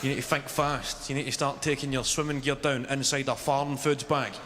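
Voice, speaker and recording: A young Scottish man doing a stand-up routine, telling dry stories and chuckling at his own lines, with a live audience laughing loudly. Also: medium pitch, flat delivery, a little fast, heavy background noise. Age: young adult. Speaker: stand-up comedian. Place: comedy stage before a live audience. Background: roaring crowd laughter.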